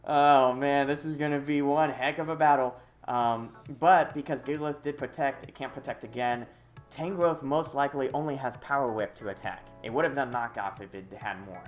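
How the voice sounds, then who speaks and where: A streamer giving live commentary on a video game, excitable and full of hesitant fillers. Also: mid-range voice, moderate pace, faint music behind. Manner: excitable, swings from quiet muttering to loud whooping.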